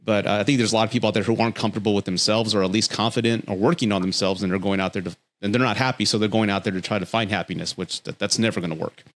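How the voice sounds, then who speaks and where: A man's voice: rapid-fire, hardly any pauses. A man with a Texan accent hosting a casual podcast conversation, telling stories animatedly and acting out quoted lines. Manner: animated storyteller, acts out quotes in a high voice. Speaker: podcast host. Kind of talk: casual chat.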